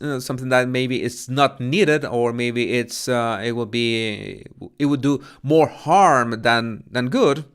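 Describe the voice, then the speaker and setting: Latino spanish-accented guy rambling on his channel, smooth voice, stutters n restarts a lot, careful with his words. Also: medium pitch. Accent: Latin American Spanish. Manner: careful with pronunciation. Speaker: channel host. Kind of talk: casual rambling live chat.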